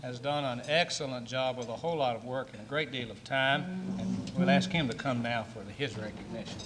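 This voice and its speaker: A man acting as master of ceremonies, briskly introducing the next speaker. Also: mid-range voice, heavy background noise.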